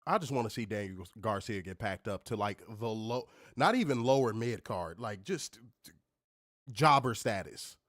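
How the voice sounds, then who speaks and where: A man hosting a podcast, ranting in an animated, profane, casual way. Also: fairly low pitch, normal speed, no room sound, studio quality. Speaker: podcast host. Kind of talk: casual chat.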